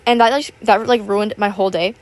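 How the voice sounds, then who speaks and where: A young woman in her teens chatting casually, rambling with lots of fillers and a self-conscious, apologetic manner; her voice sounds a little rough. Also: medium pitch, fairly even intonation, brisk. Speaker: YouTuber. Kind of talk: casual chat over gameplay.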